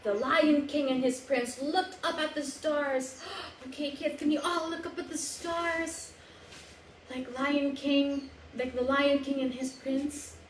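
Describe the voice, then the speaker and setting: A woman with a Filipino accent, storytelling for children in an animated, sing-song way and coaxing them to join in. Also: high voice, takes it slowly, roomy sound, slight background noise, poor audio. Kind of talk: live storytelling for kids.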